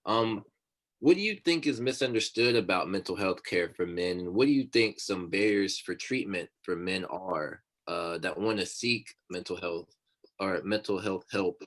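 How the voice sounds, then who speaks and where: Low-voiced male moderator. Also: normal speed. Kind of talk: panel moderation.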